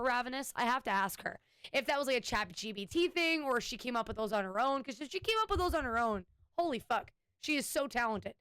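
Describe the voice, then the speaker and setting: A woman streaming from home, chatting loosely with her viewers and thanking subscribers. Her voice is smooth and clear and sits a little high. The sound is close and dry. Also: fairly bright tone, dry recording. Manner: rambling, with frequent restarts and "anyway". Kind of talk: casual chat with stream viewers.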